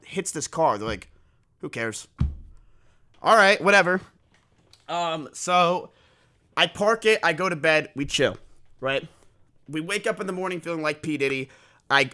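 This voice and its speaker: High bright-voiced young male streamer. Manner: animated, swearing, self-mocking. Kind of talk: casual storytelling to stream chat.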